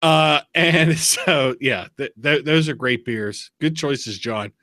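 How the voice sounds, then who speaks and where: A man hosting a podcast in casual chat, telling stories with lively laughs. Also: medium pitch, no echo. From Pennsylvania. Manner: animated storyteller, quick laughs. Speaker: podcast host.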